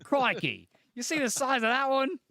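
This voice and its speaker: A man putting on a mock Australian accent as a brash, jokey bloke, pushing his voice high and loud. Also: sing-song, moderate pace, no echo, heavily acted. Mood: joking.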